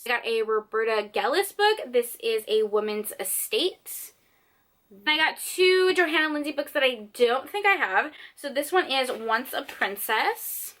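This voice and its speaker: A woman's voice: sits high, animated, measured pace, fairly bright tone. A young woman chatting casually and at length as a book vlogger, sitting on the floor at home. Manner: chatty, rambling. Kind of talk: casual vlog chat.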